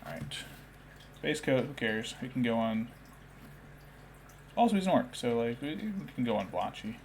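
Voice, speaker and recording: A man's voice: mid-range voice, lively intonation, normal speed, a little hiss or hum. A young man chatting casually while painting miniatures on a stream, rambling and now and then talking baby talk to his cat.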